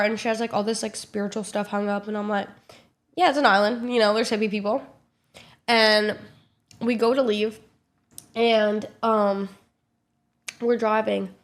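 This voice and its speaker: Animated young woman telling a story. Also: fairly high pitch. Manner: animated, swearing, filler-heavy, acts out quotes. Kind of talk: casual storytelling vlog.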